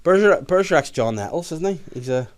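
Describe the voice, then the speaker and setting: A man's voice: fairly high pitch, animated, fast. A Northern Irish man hosting a podcast, chatting casually and teasing his guest. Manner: joking, teasing. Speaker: podcast host. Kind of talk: casual chat.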